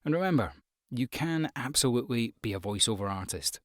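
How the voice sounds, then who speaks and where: A man talks frankly and conversationally, giving career tips from his own voice-over work. His pitch sits in a middle range for a man, and the sound is dry and close, with no room echo. He speaks casually, with small asides and fillers. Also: expressive, brisk. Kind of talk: casual advice talk to camera.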